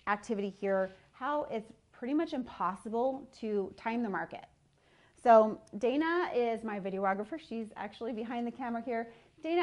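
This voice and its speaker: A woman's voice: on the high side, a little mellow. Upbeat chatty woman real estate agent. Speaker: real estate team leader. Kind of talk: video market update. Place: filmed by a videographer.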